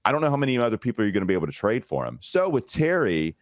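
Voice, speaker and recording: Deep-voiced man on a sports podcast. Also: sing-song, rapid-fire, dry recording, clean studio sound. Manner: thinks aloud, restarts sentences. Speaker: podcast host. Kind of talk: casual sports podcast chat.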